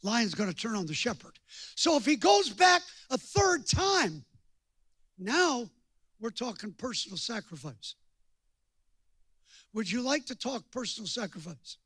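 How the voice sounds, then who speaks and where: An older male preacher tells stories from the pulpit in a folksy, joking manner. His voice sits very high and sounds dry and close to the mic. He drops to near-whispers and then bursts out loud. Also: big pitch swings, measured pace, long pauses, breathy edge, dry recording. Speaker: guest preacher. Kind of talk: storytelling sermon.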